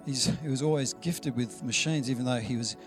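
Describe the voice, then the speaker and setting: A man's voice: medium pitch, fairly quick, over music. A man preaching a sermon in a conversational, storytelling way, acting out the dialogue he quotes. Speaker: pastor.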